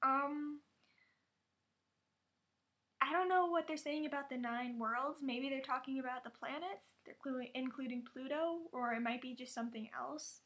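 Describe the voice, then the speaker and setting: High-pitched woman vlogger, chatty and excitable, laughs a lot. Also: moderate pace. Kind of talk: casual reaction vlog.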